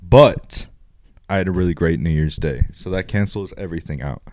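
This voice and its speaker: A young man co-hosting a casual podcast, speaking earnestly and a little haltingly. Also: low voice, a little mellow, a little hiss or hum. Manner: earnest, heartfelt, a bit halting. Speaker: podcast co-host. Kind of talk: casual chat.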